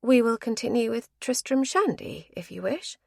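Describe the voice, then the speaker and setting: A woman voicing a direct, anxious gentlewoman who speaks in a raised, urgent tone. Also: on the high side, lively intonation, normal speed, creaky, husky, no echo, studio quality, voice pushed up, full character voice.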